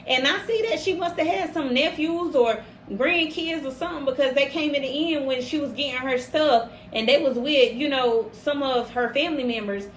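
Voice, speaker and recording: A woman's voice: sits high, moderate pace, hardly any pauses, reverberant, slight background noise. A woman hosting a casual podcast, talking emphatically and repeating phrases for stress as she grows heated. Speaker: podcast host.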